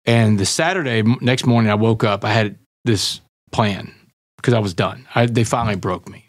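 A man's voice: on the low side, normal speed, dry recording, studio quality. A middle-aged man, a podcast guest, candidly tells a story and acts out the dialogue he quotes. He calls the listener "man" and "brother".

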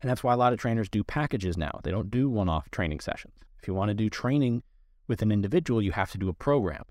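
A man's voice: lowish voice, expressive, quick pace, a little mellow, no echo, clean studio sound. A man who trains dogs, explaining training rules to listeners in an earnest, direct instructional way. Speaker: dog trainer. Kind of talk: instructional podcast talk.

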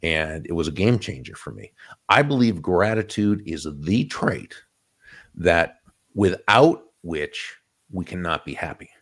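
A man's voice: low voice, lively intonation, unhurried, fairly bright tone, slightly rough. A man interviewed as a guest, giving reflective advice in a conversational way, often restarting his phrases. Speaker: guest author.

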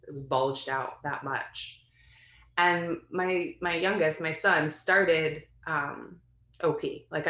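A woman in her thirties tells a personal story, candid and meandering, full of fillers and restarts. Her voice sits a little low. The room gives the recording a noticeable echo. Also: fairly bright tone. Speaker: guest sharing a birth story. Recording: roomy echo.

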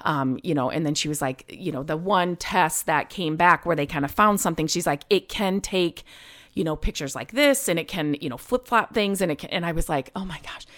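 A woman's voice: low voice, brisk, fairly bright tone. A woman hosting a podcast, telling a personal story in a rambling, emotional way with many fillers. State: choked up at times. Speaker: podcast host.

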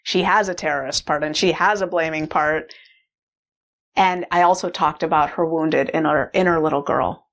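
A woman's voice: low voice, fairly even intonation, moderate pace. A middle-aged mother telling a personal story in a casual, rambling way, full of "like" fillers. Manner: rambling, heavy use of "like" fillers.

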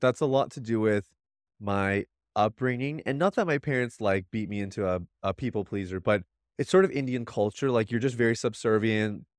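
A man's voice: fairly low pitch, moderate pace, clear, resonant tone, no echo, clean studio sound. Earnest man reflecting on fatherhood. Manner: earnest, reflective, many restarts. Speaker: podcast guest. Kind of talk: casual podcast conversation.

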